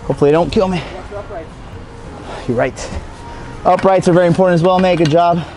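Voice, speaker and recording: A man's voice: high voice, brisk, darkish tone. Breathless joking man on a lapel mic. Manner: joking, self-mocking, chatty. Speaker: BMX rider hosting a how-to. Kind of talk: casual spoken tutorial. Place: outdoors by a street rail.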